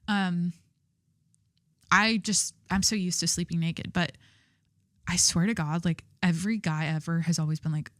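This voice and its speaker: A young Southern California woman hosts her own solo podcast, gossiping candidly, swearing freely, and laughing at herself. Her lowish voice is steady and a bit bright, moving at a moderate pace with frequent pauses, in clean studio sound with no echo.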